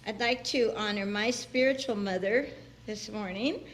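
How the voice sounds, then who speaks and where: A woman's voice: medium pitch, normal speed, slight background noise. A woman minister giving a chatty, personal sermon in a church, laughing often and acting out the people she quotes. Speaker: guest minister. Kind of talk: conversational sermon. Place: church sanctuary.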